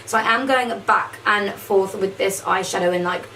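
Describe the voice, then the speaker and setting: A woman's voice: medium pitch, normal speed, sharp tone, recorded from a distance, slight background noise, rough recording. A woman casually talking through a makeup tutorial, chatty and saying "like" a lot. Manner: chatty, says "like" often. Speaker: makeup vlogger.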